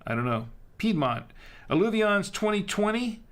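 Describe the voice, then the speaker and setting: A man's voice: high voice, very animated, normal speed. A man hosting a casual live-stream wine show, chatty and self-deprecating, rambling with lots of fillers.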